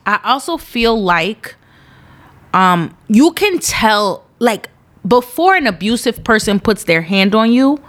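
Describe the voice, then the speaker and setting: Young woman host, blunt and emphatic, slightly higher voice, casual podcast chat. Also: big pitch swings, a bit bright. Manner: candid, emphatic, talks in quick bursts.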